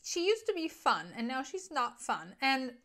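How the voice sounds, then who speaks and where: A woman's voice: high voice, moderate pace. A young woman chatting through a gossipy, chaotic movie recap as a vlogger. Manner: chaotic, gossipy, animated retelling with quoted asides.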